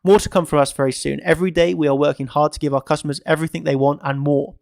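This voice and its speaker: A man's voice: a little high, fairly even intonation, very fast, creaky, no room sound, studio quality. A man hosting a crypto trading channel, giving casual market commentary to camera in an emphatic way, repeating phrases for stress. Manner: emphatic and repetitive, stacking phrases.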